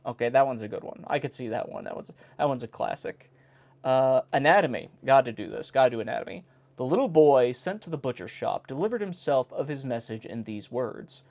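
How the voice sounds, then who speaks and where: A man's voice: mid-range voice, expressive, fairly quick, a little mellow. A man hosting a casual reading of an old joke book, stopping often to make wry comments on each joke. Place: indoor home recording in South Carolina.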